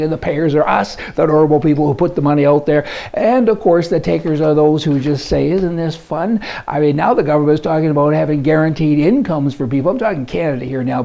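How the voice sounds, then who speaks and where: A man's voice: fairly high pitch, gravelly, dark tone, muffled recording. A man giving a folksy, indignant, rambling political monologue as a commentary blogger. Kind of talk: opinionated monologue. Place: Canada.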